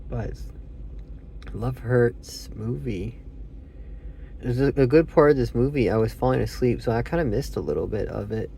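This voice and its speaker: A man's voice: medium pitch, normal speed, creaky, pauses often, dark tone, a little hiss or hum. A man giving a casual, rambling movie review, meandering with fillers and self-corrections, sounding sleepy. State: sleepy, yawning.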